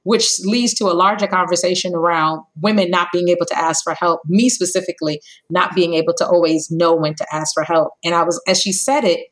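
A woman's voice: brisk, few pauses, low-quality recording. A woman in her thirties, a company co-founder telling her story in a podcast interview, acting out bits of dialogue as she goes. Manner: animated storyteller, acts out dialogue with big pitch jumps.

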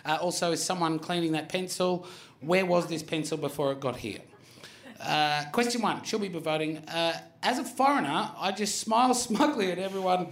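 A man hosting a live comedy show, animated and full of swearing. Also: sits high, moderate pace, echoey room. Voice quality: profane, animated. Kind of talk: live comedy panel banter. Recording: audience laughter throughout. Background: live audience laughter.

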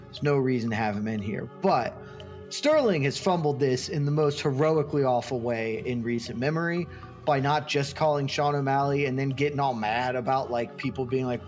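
A man's voice: mid-range voice, moderate pace, darkish tone, faint music behind. A man on a panel arguing his pick with a wry tone, now and then mocking others in a put-on voice. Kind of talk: casual debate.

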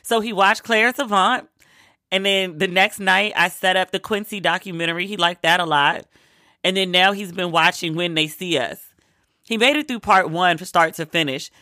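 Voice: medium pitch, moderate pace, bright, forceful tone, dry recording, clean studio sound. A vlogger from Maryland, sick with a cold, chatting casually and acting out what people said. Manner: chatty storyteller, acts out quoted lines.

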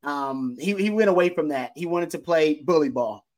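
A man co-hosting a football podcast, talking in an emphatic, animated way and laughing easily. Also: fairly high pitch, moderate pace. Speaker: podcast co-host, football analyst. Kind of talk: casual sports talk.

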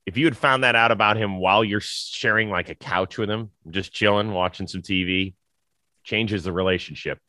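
A man hosting a casual interview, asking questions and making quick joking remarks. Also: fairly low pitch, fairly even intonation, bright, forceful tone, no room sound. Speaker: host.

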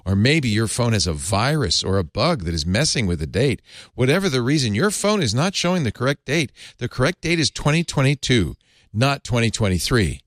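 A man's voice: medium pitch, dry recording, studio quality. A man hosting a casual talk show, playfully reading chatbot replies aloud with mock seriousness. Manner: animated, playful, reads out texts with mock gravity. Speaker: podcast host.

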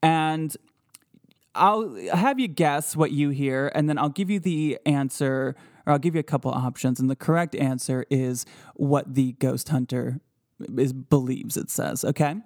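A man hosting a casual podcast chat in a playful, joking manner, quick to laugh. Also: mid-range voice, a little mellow. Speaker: podcast host.

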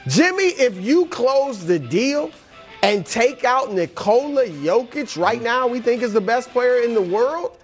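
An animated man whose voice swings widely up and down as he hypes players one by one, like a pep talk. He co-hosts a sports talk show with a soft music bed behind him. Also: very high voice. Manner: animated, hyped motivational delivery addressed to players. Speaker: co-host.

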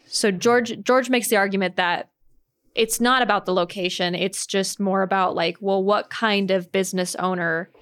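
A woman's voice: medium pitch, fairly even intonation, moderate pace, a bit bright, smooth. A woman co-hosting a casual discussion, summing up points in a conversational way.

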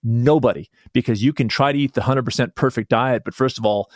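A man talking as a guest author in a casual podcast conversation, telling stories with lively restarts. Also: mid-range voice, quick pace, no echo, studio quality. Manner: animated storyteller, rambling restarts.

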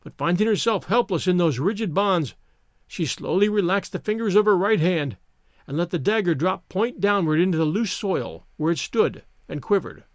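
A man narrating an adventure story as an audiobook, in expressive, measured storytelling. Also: sits high, no echo, clean studio sound.

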